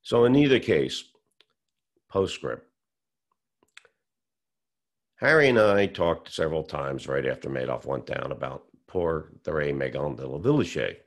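Deep gravelly older guy telling his story, acts out the quotes. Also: animated, measured pace, pauses often. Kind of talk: storytelling interview.

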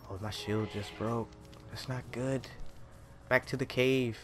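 A man's voice: mid-range voice, fairly even intonation, measured pace, fairly bright tone. Jumpy young-sounding man narrating his game. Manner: jumpy, exclaims and talks to the game. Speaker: gaming video creator. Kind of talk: casual gameplay commentary. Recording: game music playing behind voice.

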